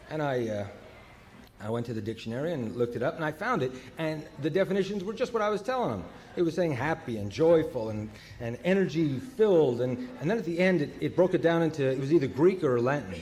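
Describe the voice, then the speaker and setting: Halting storyteller man at a recovery meeting. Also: a little high, lively intonation, darkish tone, a little hiss or hum. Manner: storytelling, halting with many fillers. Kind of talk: personal recovery talk.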